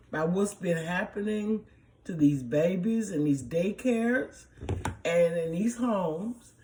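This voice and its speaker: Slow, upset middle-aged woman talking. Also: fairly low pitch, mellow. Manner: slow, emotional, emphatic. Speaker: vlogger. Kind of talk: casual commentary. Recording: echoey room.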